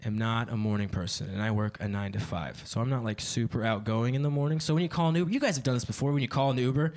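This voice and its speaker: A man's voice: mid-range voice, very fast, a little mellow. A young man doing a stand-up comedy set on a club stage, swearing freely and laughing at his own jokes.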